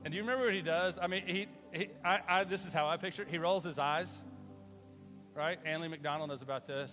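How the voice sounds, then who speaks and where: A male pastor giving a livestreamed sermon in a casual, animated way, swinging from loud exclamations to hushed, near-whispered storytelling. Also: fairly high pitch, fast talker, over music.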